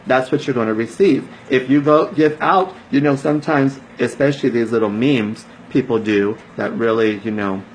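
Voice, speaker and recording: A man's voice: on the high side, slight background noise, low-quality recording. A man, a network marketer, giving a casual motivational talk to his team, emphatic and preachy, repeating phrases for stress.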